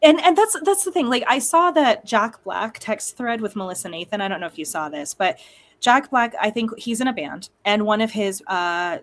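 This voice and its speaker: A young adult woman hosting a casual chat, talking in quick, chatty runs with frequent laughs and asides. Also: mid-range voice, lively intonation, a bit bright. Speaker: host.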